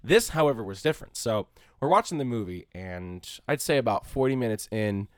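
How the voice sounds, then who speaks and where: Fast-talking man, casual podcast chat. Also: medium pitch, lively intonation, no room sound, clean studio sound. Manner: rambling, swears freely, acts out shouting crowds. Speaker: podcast co-host.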